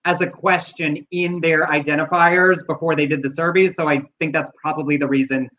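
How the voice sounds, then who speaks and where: A man's voice: on the high side, fairly even intonation, brisk, sharp tone, highs cut off. A man co-hosting a talk show, reading out listener comments and chatting frankly with some swearing. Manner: frank and profane, reads out quotes. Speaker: co-host.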